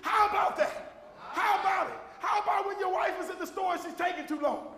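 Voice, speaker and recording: A man preaching a sermon as pastor, with a Southern American accent, shouting and repeating refrains to a responding congregation. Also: extremely high pitch, brisk, some chatter behind. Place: church sanctuary with congregation. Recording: echoey hall recording.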